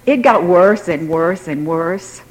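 A woman's voice: lowish voice, lively intonation, slow, poor audio. An older woman telling a personal story in a wry, self-mocking way, laughing now and then.

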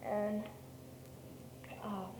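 A woman's voice: mid-range voice, monotone, very slow. A woman shares a personal testimony at a meeting, rambling and correcting herself as she goes. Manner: rambling storytelling, many restarts and self-corrections. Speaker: speaker sharing her story at a meeting. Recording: echoey hall with faint background noise.

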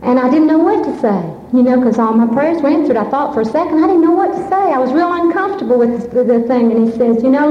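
A woman speaks nervously and from the heart, stopping and restarting as she shares her story. Her voice sits a little high. It carries through a big echoing hall with a long reverb tail and a faint hiss underneath. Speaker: speaker at a recovery fellowship meeting. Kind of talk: personal testimony speech. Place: large meeting hall. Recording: echoey hall, muffled lo-fi sound, faint hiss.

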